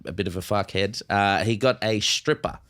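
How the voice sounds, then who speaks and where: A man with an Australian accent and a slightly low-pitched voice, co-hosting a laid-back chat. He tells long, meandering stories full of uhs and ums. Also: moderate pace, fairly bright tone. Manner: rambling storytelling with fillers. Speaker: podcast co-host. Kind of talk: casual sports chat.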